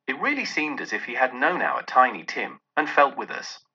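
A man voicing a gentle, grieving father in a read-aloud storybook, speaking with tender earnestness. His voice is bright and slightly husky, and the recording is dull and muffled. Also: medium pitch, sing-song, normal speed, full character voice.

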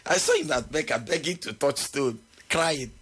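Nigerian man host, casual music talk, teasing and opinionated, mid pitch. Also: animated, normal speed, fairly bright tone, husky, no room sound. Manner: teasing, opinionated, laughs often. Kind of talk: casual chat.

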